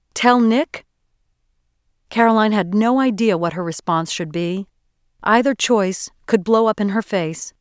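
Female audiobook narrator, smooth and resonant tone, steady scripted delivery. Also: medium pitch, no echo, studio quality. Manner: measured, even storytelling delivery.

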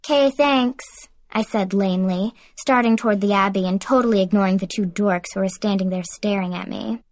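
A woman narrating a first-person audiobook in an expressive reading voice. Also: mid-range voice, brisk, dry recording.

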